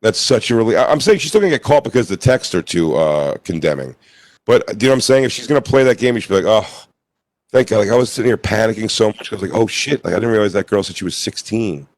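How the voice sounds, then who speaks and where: A man's voice: lowish voice, expressive, very fast, darkish tone, no room sound. Profane joking male comedy co-host. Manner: profane, mocking, acts out quoted people. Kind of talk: casual comedic banter.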